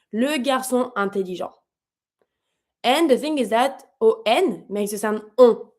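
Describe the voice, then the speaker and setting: A woman, a native French speaker, teaching a pronunciation lesson in English, repeating example words slowly and patiently. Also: fairly high pitch. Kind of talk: language lesson explaining pronunciation.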